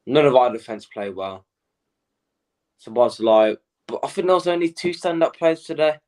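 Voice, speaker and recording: A man's voice: mid-range voice, normal speed, a little mellow. A man in a casual football fan chat, thinking aloud, hesitant and trailing off as he picks players.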